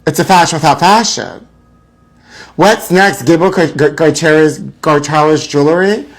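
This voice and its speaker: Campy gossip host, man with high voice. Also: normal speed. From Los Angeles area. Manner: theatrical, mock-frightened, calls viewers honey. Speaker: host of a live gossip show. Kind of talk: campy live celebrity gossip commentary.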